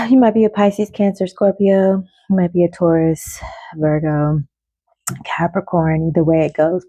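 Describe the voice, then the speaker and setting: A woman's voice: lowish voice, warm tone, a little hiss or hum. A woman giving a casual oracle card reading in a loose, chatty way, laughing often and swearing freely.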